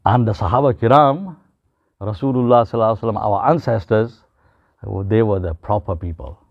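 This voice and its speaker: A man's voice: fairly low pitch, fairly quick, dry recording. A man giving an informal religious talk to a group, telling stories and acting out the people in them, slipping into Gujarati and Urdu phrases. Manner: storytelling with acted quotes, mixing English with Gujarati and Urdu phrases. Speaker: Islamic preacher. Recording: dull, muffled, dry recording.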